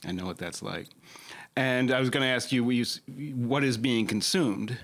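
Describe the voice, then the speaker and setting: A man hosting a radio interview, asking calm, brief questions. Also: mid-range voice, moderate pace.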